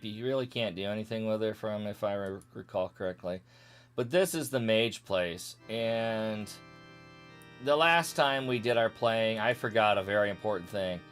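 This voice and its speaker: A man's voice: on the low side, fairly bright tone. A man streaming a retro game, joking casually and skipping the game's text with strings of blah blah and meow. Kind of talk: casual let's-play commentary.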